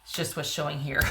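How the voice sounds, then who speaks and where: Low-voiced woman reading tarot, roomy. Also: noisy background. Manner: chatty, rambling, frequent "you know" and "like". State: voice getting hoarse. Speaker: tarot reader.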